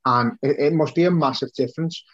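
Host with a slightly high, dull mic. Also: male voice, a little fast, fairly bright tone, dry recording. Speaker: podcast host. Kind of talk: casual chat.

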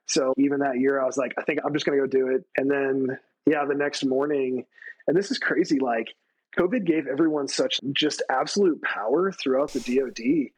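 A man, a retired Army staff sergeant from the United States, telling stories as a podcast guest, animated, acting out quoted people with a raised voice. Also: a little fast, husky, poor audio. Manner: animated storytelling, acts out quotes with raised pitch. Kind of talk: casual storytelling interview.

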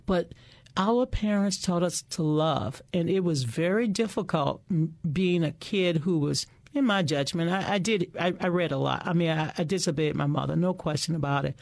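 A middle-aged woman tells stories in an interview. She is animated and often repeats a word or two as she starts a sentence. Her voice is recorded close and dry, with no room sound. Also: on the low side, moderate pace, gravelly, no room sound. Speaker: guest. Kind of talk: casual interview storytelling.

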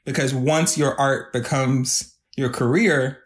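A man guest on a podcast who speaks earnestly and reflectively, with his feelings close to the surface. His voice sits in an everyday middle pitch, and he talks with an unguarded, heartfelt manner. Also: fairly even intonation, takes it slowly. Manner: earnest, reflective, openly emotional. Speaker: podcast guest, video artist. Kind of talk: casual podcast conversation.

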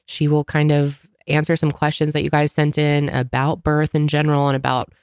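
A woman's voice: sits low, completely flat delivery, moderate pace, darkish tone, clear, resonant tone, no echo, clean studio sound. A woman co-hosting a casual podcast chat, congested with a sore throat, rambling with lots of fillers. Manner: rambling, filler-heavy, laughs often. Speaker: podcast co-host.

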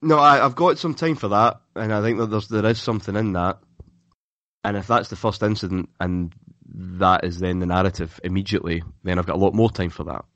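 A man with a very low voice talks football on a podcast, casual and opinionated. He keeps restarting his sentences and repeating words as he works out his point. The recording sounds dry and a little dull. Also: fairly even intonation, fairly quick, fairly bright tone, no room sound. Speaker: podcast co-host.

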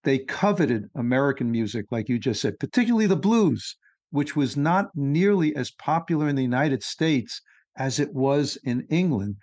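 A man's voice: medium pitch, lively intonation, normal speed, darkish tone, no echo, highs cut off. A man hosting a podcast, chatting and asking his guest questions. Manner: conversational, asks leading questions. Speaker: podcast host. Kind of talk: interview.

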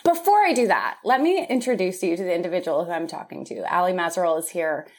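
A woman hosting a podcast, talking openly and emotionally in casual chat, quick to laugh. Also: fairly low pitch, expressive, a little mellow. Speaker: podcast host. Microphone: remote video call.

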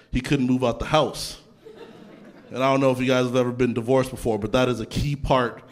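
A young adult man from Canada doing a stand-up comedy set in a theatre, talking conversationally with deadpan punchlines and casual asides. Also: medium pitch, very noisy. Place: theatre stage before a laughing audience. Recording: live theatre set with crowd laughter. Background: audience laughter.

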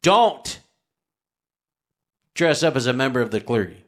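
A man co-hosting a podcast, chatting casually in a crude, excitable way. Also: mid-range voice, a little slow. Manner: crude, loud, excitable banter. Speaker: podcast co-host. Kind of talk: casual chat.

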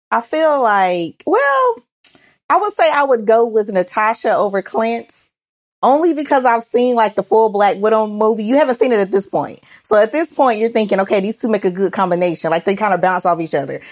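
A woman's voice: fairly high pitch, animated, moderate pace. A woman guest on a movie podcast, talking animatedly with lots of "like" and laughter. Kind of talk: casual podcast chat.

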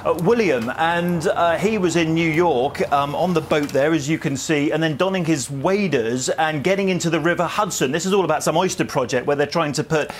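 A man's voice: on the high side, moderate pace, hardly any pauses, a little hiss or hum. A man working as a royal news editor, reporting live on location in a chatty, conversational way with occasional hesitations. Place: on location abroad.

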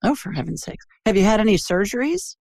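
A woman's voice: medium pitch, fast talker, gravelly, dry recording. Chatty woman host, dry close sound. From Ohio. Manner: chatty, digressive, animated. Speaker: intuitive show host. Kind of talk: call-in show chat. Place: Birmingham.

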